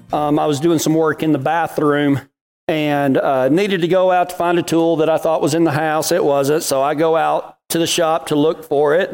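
A middle-aged man giving a folksy devotional talk, telling a story in cowboy slang before turning to scripture. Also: high-pitched. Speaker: devotional podcast host.

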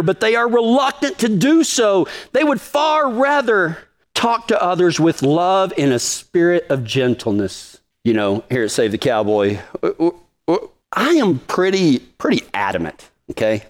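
A man preaching a sermon to his congregation in a folksy, joking manner, swinging from low and quiet to high and emphatic. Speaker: preacher of a cowboy ministry.

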